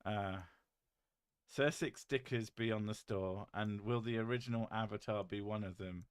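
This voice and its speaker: Deadpan British man, low voice. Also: normal speed, clear, resonant tone, dry recording, clean studio sound. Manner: joking, deadpan, swears casually. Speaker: live streamer reading chat. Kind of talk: casual live-stream chat.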